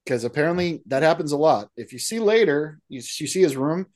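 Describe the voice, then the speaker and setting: A man's voice: fairly high pitch, expressive, fairly quick, a little mellow. A man co-hosting a movie podcast, chatting casually and joking, often trailing off and restarting. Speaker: podcast co-host. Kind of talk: casual chat.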